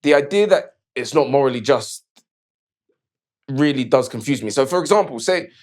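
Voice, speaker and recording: A man's voice: medium pitch, animated, normal speed. A man co-hosting a casual debate show, pushing back with easygoing slang and fillers. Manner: casual, defends his view with slangy fillers. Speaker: co-host.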